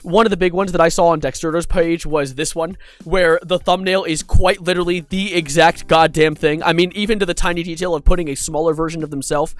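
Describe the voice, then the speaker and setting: A man's voice: on the high side, fairly even intonation, brisk, hardly any pauses. A man doing a commentary video, sarcastic and exasperated, swearing casually as he breaks down online drama. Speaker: YouTube commentator.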